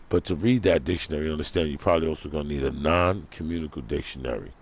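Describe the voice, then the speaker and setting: A man's voice: very deep voice, racing, few pauses. A man ranting in a vlog monologue, preachy and full of rhetorical questions, repeating himself for emphasis. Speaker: vlogger.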